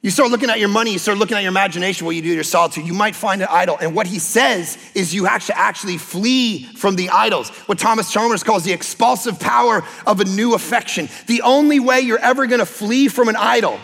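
A man preaching a sermon as a pastor, impassioned and emphatic, sometimes breaking into shouts. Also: high-pitched, quick pace, vocal fry, few pauses, in a large hall. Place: church sanctuary.

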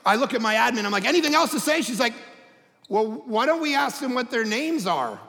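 A middle-aged man preaching a sermon as pastor, telling stories animatedly with shouted quotes. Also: extremely high pitch, sing-song, a little fast, gravelly, big-room sound. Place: church auditorium.

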